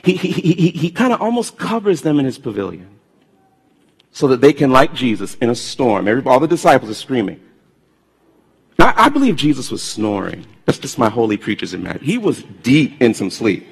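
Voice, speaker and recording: A man preaching a sermon, telling stories in an animated way and swinging from loud bursts to hushed tones. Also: mid-range voice, fairly quick, vocal fry, husky. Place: church sanctuary. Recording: long hall reverb.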